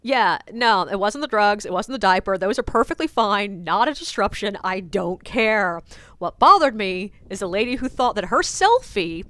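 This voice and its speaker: A woman who works as a ghost tour guide, telling stories from her tours in a chatty, wry, animated way. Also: mid-range voice, moderate pace, no echo. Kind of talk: casual storytelling vlog. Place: French Quarter, New Orleans.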